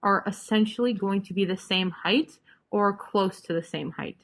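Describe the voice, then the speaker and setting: A woman's voice: mid-range voice, moderate pace. A young woman leading an online chemistry review session, talking casually and joking sarcastically with her students. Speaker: chemistry tutor.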